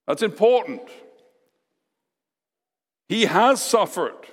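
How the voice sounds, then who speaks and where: A man preaching a sermon as pastor, emphatic, with dramatic pauses and repeated lines. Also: a little high, lively intonation, long reverb tail.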